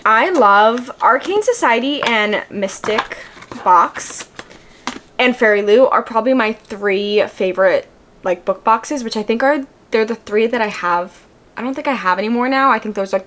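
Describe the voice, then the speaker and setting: Young woman, casual home vlog, chatty, filler-heavy, gushing, mid-pitched voice. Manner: chatty, rambling, many filler likes; excitable, gushing. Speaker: book vlogger. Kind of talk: casual book haul vlog.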